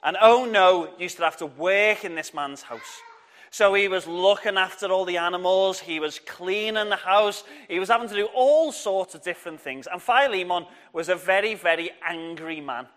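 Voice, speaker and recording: Bright, high-voiced male church storyteller. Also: normal speed. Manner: lively, encouraging, draws the crowd in. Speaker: children's speaker at church. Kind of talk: children's Bible storytelling with audience call-and-response.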